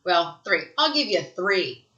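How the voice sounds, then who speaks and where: A woman giving an energetic sales training talk, emphatic and fond of asking "right?" after her points. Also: lowish voice, measured pace, echoey room, highs cut off. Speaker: real estate sales trainer. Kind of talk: live online training talk.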